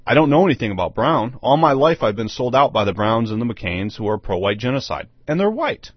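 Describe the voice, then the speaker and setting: A man's voice: mid-range voice, big pitch swings, a little fast, husky, dry recording. A man hosting a solo talk monologue, emphatic and repeating his rhetorical questions. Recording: dull, lo-fi dry sound.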